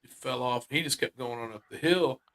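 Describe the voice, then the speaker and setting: A man with a gravelly, creaky voice spins a long, rambling secondhand tale. He talks in a casual, conversational way, full of "uh" and "you know" as he goes. His pitch sits right in the middle for a man. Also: brisk, a bit bright. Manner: rambling secondhand storytelling with many fillers. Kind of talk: casual storytelling chat.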